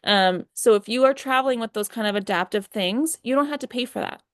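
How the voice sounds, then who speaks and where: A woman's voice: on the high side, fairly quick, dry recording, studio quality. A young woman hosting a live chat, answering viewer questions in a friendly, reassuring way with lots of fillers.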